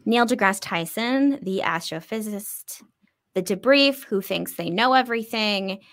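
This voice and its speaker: A woman's voice: mid-range voice, lively intonation, measured pace, a bit bright. Chatty female podcast co-host, easy laughter, casual read-through. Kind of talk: casual chat.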